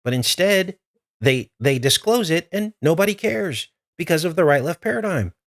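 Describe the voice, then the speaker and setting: A man's voice: on the high side, lively intonation, normal speed, no room sound, clean studio sound. A man hosting a live stream, talking straight to his viewers in an urgent, earnest way. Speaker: livestream host.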